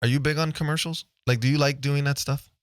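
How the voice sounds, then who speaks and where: A man's voice: a little high, steady tone, fast, smooth, dry recording, clean studio sound. A man hosting a podcast in casual chat, talking loosely with a lot of "right?" checks and the odd swear word. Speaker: podcast host. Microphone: studio microphone, close.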